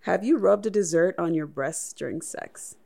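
Woman host, kinda low voice, lots of fry, reads questions and eggs the guest on. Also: moderate pace, a little mellow. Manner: supportive, prompting, reads questions out. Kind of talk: casual chat.

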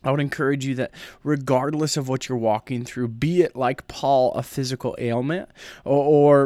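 Student pastor, man, mid-pitched, earnest devotional talk, dry close mic. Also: no echo. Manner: earnest, with frequent restarts. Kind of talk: podcast devotional.

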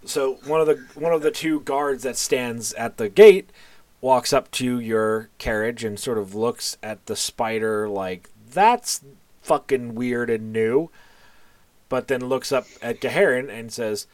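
A man's voice: medium pitch, steady tone, unhurried, a little mellow, no room sound. A man narrating as game master of a tabletop game, loose and casual, with plenty of fillers and the odd curse.

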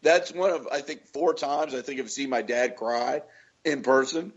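A man's voice: mid-range voice, moderate pace, slightly rough, highs cut off. Swearing man telling movie stories. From Florida. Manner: swearing storyteller, acts out quotes loudly. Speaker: podcast co-host. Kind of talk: casual chat.

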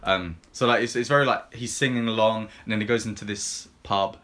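A fairly low-pitched man chats casually as a podcast co-host, talking through films he has seen. He rambles, leans on ums and likes, and retells scenes in plain everyday language. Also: fairly even intonation, brisk, fairly bright tone. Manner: rambling and filler-heavy, lots of ums and likes. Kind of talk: casual chat.

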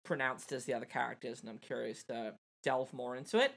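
A woman born outside the USA co-hosting a casual film chat, animated and playful, often repeating words as she thinks. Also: very deep voice, a little fast, creaky. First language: not American, born abroad. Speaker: podcast co-host.

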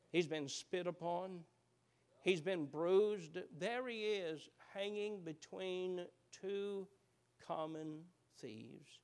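High-voiced halting male preacher. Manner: halting, with many uh's and repeated words; swings from loud and rising to hushed and low. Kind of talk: sermon.

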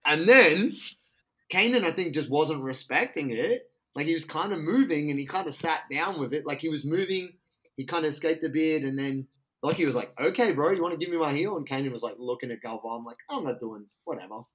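An excitable Australian man telling a story in casual, slangy talk. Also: a little high, a little fast.

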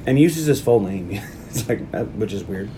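A man's voice: fairly low pitch, expressive, moderate pace, noisy background. Man hosting a casual movie podcast. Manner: retells plot scenes, acting out the characters' lines. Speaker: podcast host.

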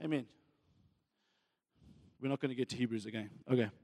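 A man's voice: mid-range voice, brisk, gravelly, a little mellow, long reverb tail. A man preaching a fervent sermon as a pastor, often calling out "friends" and "amen.".

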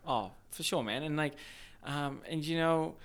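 A man talking about film in a casual podcast chat, animated and rambling, often restarting his sentences. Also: a little high, unhurried, clean tone.

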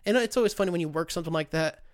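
A man's voice: fairly high pitch, rapid-fire, clear, resonant tone. An American man hosting his own podcast, talking in a rambling, profane, fired-up rant. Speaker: podcast host. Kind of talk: casual solo rant.

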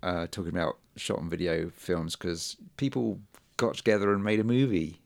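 A man's voice: low-pitched, normal speed, vocal fry. A man chatting casually about movies on a podcast, with a dry, understated manner. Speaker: podcast co-host.

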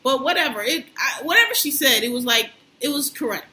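Woman co-host, high bright voice, animated storyteller, echoey room. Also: a little fast. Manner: animated storyteller, acts out quotes, laughs often. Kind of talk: casual chat. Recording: roomy echo.

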